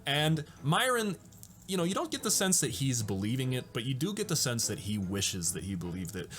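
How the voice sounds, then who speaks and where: A man's voice: mid-range voice, sing-song, brisk, fairly bright tone. A man hosting a casual movie breakdown, enthusiastic and chatty and often laughing as he retells scenes. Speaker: host of a movie breakdown show.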